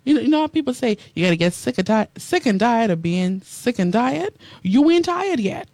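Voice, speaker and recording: A woman preaches fairly quickly and animatedly to a live and radio audience, repeating lines in call-and-response fashion and reading out viewer comments. She swings from hushed asides to high exclamations, in a dry recording.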